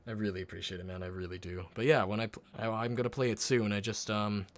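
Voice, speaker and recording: A man streaming live and chatting casually with his viewers while he paints a miniature, swearing often and muttering quietly as he concentrates. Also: fairly low pitch, quick pace. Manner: relaxed, swears often, talks to chat while working.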